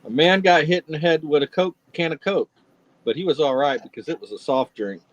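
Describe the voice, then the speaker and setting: A man co-hosting a live stream, chatting casually and telling corny jokes deadpan. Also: on the high side, fairly quick, dull audio. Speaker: stream co-host. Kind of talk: casual joke-telling chat.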